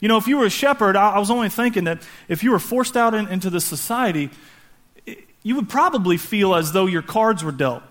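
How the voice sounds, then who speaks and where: A man's voice: high voice, lively intonation, brisk, fairly bright tone. A man preaching a sermon, telling the story animatedly, slipping into casual slang and acting out the voices of the people in it. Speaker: pastor.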